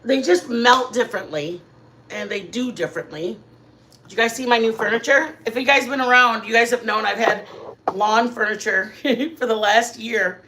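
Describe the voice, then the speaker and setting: A middle-aged woman hosting a casual livestream from her living room, telling rambling, animated stories to her chat. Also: fairly high pitch, moderate pace, slight background noise. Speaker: channel host.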